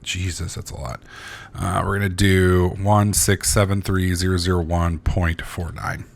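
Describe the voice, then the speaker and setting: Lowish-voiced guy rambling through a game, sleepy, swears a lot, lots of uh and um. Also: little pitch movement, a little slow, vocal fry. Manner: rambling, swears freely, many fillers and restarts. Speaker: gaming channel host. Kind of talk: casual gameplay commentary.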